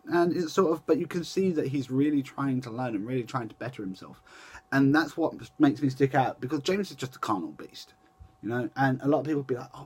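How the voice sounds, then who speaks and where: A man's voice: mid-range voice, breathy edge. Rambling young man vlogging. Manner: rambling and chatty, with many restarts and self-corrections. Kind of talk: casual chat to camera.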